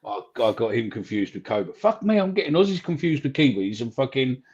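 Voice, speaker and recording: A man's voice: mid-range voice, sing-song, a little fast, darkish tone. Joking man on lo-fi audio. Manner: jokey, swearing, often muddles names. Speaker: podcast co-host reading the notes. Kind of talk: casual fan podcast chat.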